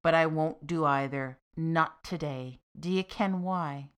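A woman voicing Death as a stern, ancient male figure with a measured, grim manner and old Scots turns of speech, in a storytelling podcast. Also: low-pitched, clear, resonant tone, voice pushed down.

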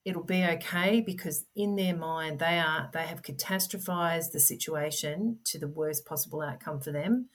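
A middle-aged woman speaks with a notably low voice. She is a guest in a relaxed interview and talks in an earnest, gentle, explanatory way. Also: moderate pace, few pauses. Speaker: podcast guest, parent advocate. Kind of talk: conversational interview.

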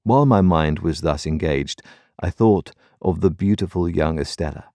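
A man narrating a classic novel in measured, expressive storytelling. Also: low-pitched, dry recording. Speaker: audiobook narrator. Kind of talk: scripted narration.

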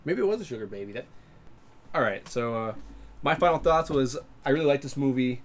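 A man's voice: mid-range voice, animated, fairly quick. Laid-back swearing podcast man. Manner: laughing, loose storytelling, heavy swearing. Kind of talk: casual profane chat.

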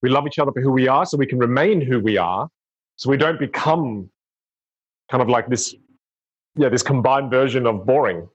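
A man's voice: mid-range voice, animated, normal speed, pauses often, breathy edge. A man talking earnestly and reflectively in casual conversation, often restarting his sentences. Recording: dull lo-fi sound.

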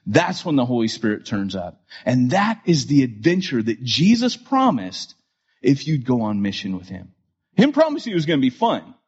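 Brief: male podcast host, husky, animated storyteller, dull lo-fi recording. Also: on the high side. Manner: animated, many fillers and restarts.

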